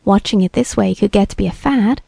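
A woman's voice: medium pitch, fairly quick, creaky, mellow, breathy edge, no echo. A woman reading the lines of a bearded young beatnik TV repairman who talks in laid-back hip slang and sounds sure of himself.

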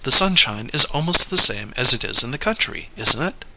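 A man's voice: medium pitch, lively intonation, normal speed, noisy background, natural voice. A man voicing a cheerful, witty young woman in a story reading, giving her sweet, teasing replies.

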